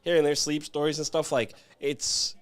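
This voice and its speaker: A man's voice: a little high, fairly even intonation, normal speed, smooth. A man co-hosting a casual podcast, talking in an easygoing way full of fillers. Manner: easygoing, lots of likes and fillers. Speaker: podcast co-host. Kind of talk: casual chat.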